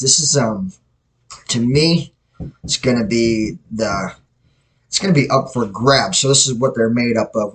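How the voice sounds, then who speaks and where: A mid-range, fairly bright male voice comes through a low-quality recording. This podcast host runs his own self-produced show on a podcast mic, rambling casually through blunt sports takes and often correcting himself.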